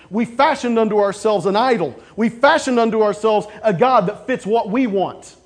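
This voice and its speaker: A male pastor preaching a sermon, with casual stories and sudden loud, emphatic outbursts. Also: high voice.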